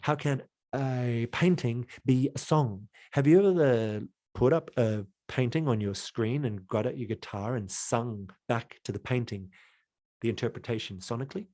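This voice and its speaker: A man leading an online creativity workshop, playful and exploratory, who slips into sounds and made-up voices. His voice is mellow and darkish, at an ordinary pitch for a man, and he is recorded close up in a dry space. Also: moderate pace, dry recording.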